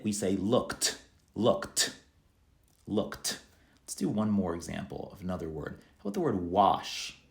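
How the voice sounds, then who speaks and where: Lively male English teacher, low voice. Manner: slow, careful modeling of word endings, lively teacher's pitch. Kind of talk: spoken language lesson. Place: classroom with a board.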